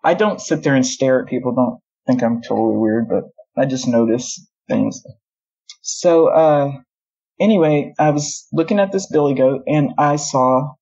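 A woman tells her story in a husky, mellow voice. She rambles and wanders into asides, correcting herself as she goes. The sound is dull and lo-fi. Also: sits low. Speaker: guest. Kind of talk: casual storytelling. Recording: dull lo-fi audio.

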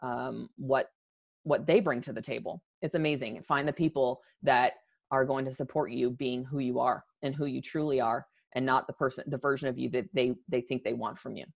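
Extremely low and creaky, with fairly even intonation and a moderate pace, this woman in her thirties opens up on a podcast. She's emphatic and earnest, frequently restarting, and on the verge of tears.

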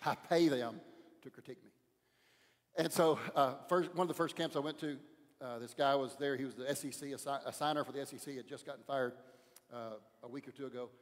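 A male pastor preaching a sermon in a church, pressing his points hard and often dropping his voice low. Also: steady tone, a little fast, in a large hall. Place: church sanctuary.

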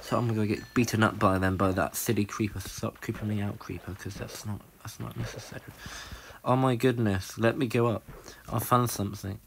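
A young man giving rambling, excitable commentary while playing a video game. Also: fairly quick, gravelly, slightly rough. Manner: excitable, rambling, jumps to high squeals. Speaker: gaming channel host. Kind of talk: casual let's-play commentary.

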